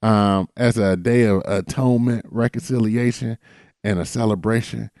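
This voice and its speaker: A man's voice: on the low side, fairly even intonation, normal speed, a little mellow, dry recording, clean studio sound. A man co-hosting a podcast in casual chat, laid-back and blunt. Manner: laid-back, blunt, calls people baby. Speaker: podcast co-host.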